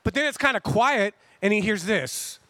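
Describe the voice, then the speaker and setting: A man with a high, bright voice preaches in a relaxed, chatty way, slipping into little acted-out voices for the people in his story. The sound is dry and close. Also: moderate pace, no room sound. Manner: conversational and animated, acting out quotes. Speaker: pastor. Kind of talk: casual sermon.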